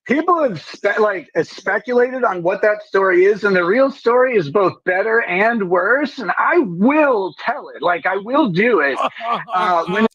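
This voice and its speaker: A man's voice: high voice, lively intonation, measured pace, a bit bright, husky, no room sound, dull audio. A man telling stories casually as a guest on a stream, heard through replayed audio. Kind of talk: casual chat on a played stream.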